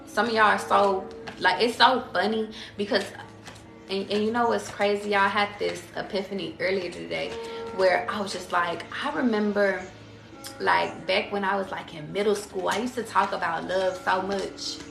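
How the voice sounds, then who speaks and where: A woman with a gravelly, fry-heavy voice does a loose tarot reading for her viewers. She chats in slang, swears freely and keeps calling them y'all. Her voice bounces around a roomy, echoey space. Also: mid-range voice, steady tone, normal speed, a bit bright, faint music behind. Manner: slangy, profane, chatty, addresses viewers as y'all. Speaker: tarot reader.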